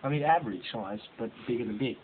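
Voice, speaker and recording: A man's voice: mid-range voice, lively intonation, fast talker, natural voice. A man voicing a parody of a bragging male pop singer interviewed on TV, rambling and repeating himself. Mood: boasting. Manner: rambling, repetitive, boastful. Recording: tinny lo-fi home recording with hiss.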